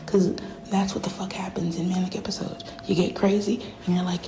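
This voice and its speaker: A woman's voice: on the low side, little pitch movement, brisk, rough recording. A woman rapper in a profane, rambling livestream rant that often sinks to a whisper.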